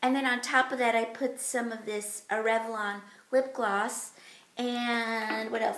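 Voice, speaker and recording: A woman's voice: a little high, steady tone, slow, heavy background noise. A woman beauty vlogger talking casually through a makeup tutorial, chatty and giggly with plenty of fillers.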